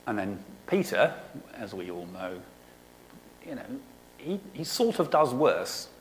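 A man giving a sermon, reading scripture aloud and explaining it in a conversational way, often pausing on "okay". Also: lowish voice, sing-song, a little hiss or hum, rough recording. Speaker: preacher.

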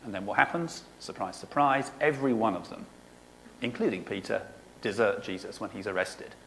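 A man giving a sermon, reading scripture aloud and explaining it in a conversational way, often pausing on "okay". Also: on the low side, vocal fry, fairly bright tone, slight background noise, rough recording. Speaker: preacher.

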